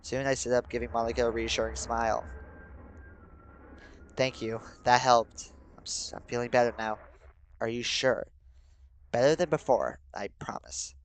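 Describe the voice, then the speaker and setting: A young man streaming and reading a game story aloud, shifting between steady narration and sudden excited, swearing outbursts. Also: medium pitch, normal speed, pauses often, no echo, poor audio. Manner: reads narration in a steady, subdued voice.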